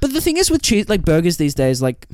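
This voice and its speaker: A man's voice: a little high, huge pitch swings, fast talker, darkish tone. An Australian man co-hosting a podcast in casual chat, laid-back, with lots of "dude" and "like" and free swearing. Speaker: podcast co-host.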